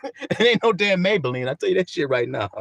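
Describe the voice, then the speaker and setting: A man preaching a livestreamed sermon in a folksy, animated way, calling on his listeners and laughing often. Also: sits high, a little fast, creaky, dry recording.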